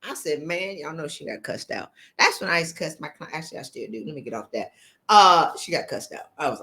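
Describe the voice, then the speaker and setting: A woman's voice: low voice, lively intonation, fairly quick, sharp tone, echoey room. A woman leadership coach giving a motivational talk, blunt and emphatic, firing off rhetorical questions in sassy, colloquial speech.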